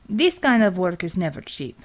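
A woman's voice: lowish voice, big pitch swings, normal speed. A woman voicing a harried male building liaison who talks in a defensive, matter-of-fact way.

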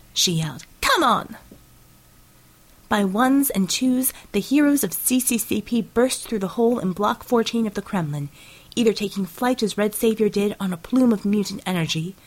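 A woman narrating an action audiobook in steady, dramatic storytelling. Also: medium pitch, rough recording.

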